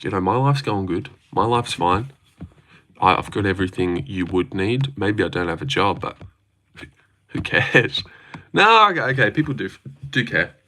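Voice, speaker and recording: A man's voice: lowish voice, very animated, moderate pace, bright, forceful tone, slight background noise. A young Australian man casually chatting on a livestream, answering chat questions with a laid-back, jokey manner. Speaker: streamer reading chat.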